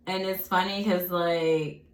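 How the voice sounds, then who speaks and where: A young woman chatting casually to her viewers while eating, animated and often laughing. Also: on the low side, takes it slowly. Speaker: vlogger. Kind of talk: casual mukbang chat. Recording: echoey room.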